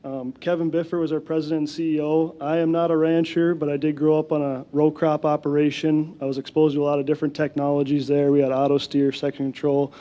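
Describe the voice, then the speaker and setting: A young man from North Dakota with a head cold gives a plainspoken conference talk, leaning on casual fillers. His voice is mellow and dark, fairly high for a man, and flat in its melody. The sound is slightly dull. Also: fast, hardly any pauses. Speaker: guest speaker. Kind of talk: conference presentation.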